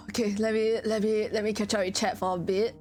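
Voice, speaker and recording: A woman's voice: medium pitch, normal speed, soft background music. A woman streamer chatting casually with her viewers, telling stories with lots of giggling. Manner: giggly, animated storytelling with frequent laughter.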